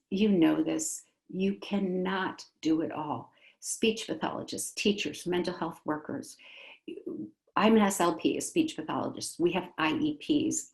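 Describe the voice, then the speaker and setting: A woman's voice: low voice, a little mellow. A middle-aged woman, a speech pathologist, giving an upbeat, chatty conference talk to parents and educators and acting out little quotes. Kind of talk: conference presentation. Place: school district virtual conference.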